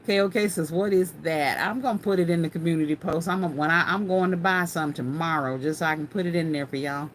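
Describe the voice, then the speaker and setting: A woman's voice: low-pitched, steady tone, fast, hardly any pauses, a little hiss or hum. A woman hosting a casual craft livestream, chatting folksily and laughing often as she answers viewer comments.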